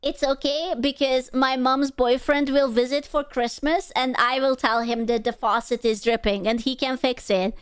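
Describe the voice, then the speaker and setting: Young woman streamer, high voice, crude playful banter, dry close mic. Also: steady tone, moderate pace, few pauses, clean tone, no echo. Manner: playful, crude, laughs often, stammers. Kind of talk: casual group chat.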